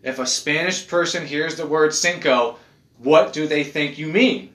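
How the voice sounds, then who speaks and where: A man in casual chat, rambling and animated, swearing as he goes. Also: on the high side, measured pace. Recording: echoey room.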